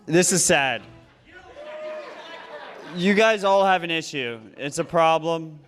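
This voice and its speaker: A man's voice: fairly high pitch, animated, takes it slowly, a bit bright, faint music behind. A man on stage making a mock-upset, rambling speech to the crowd, stammering as he goes. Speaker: award recipient.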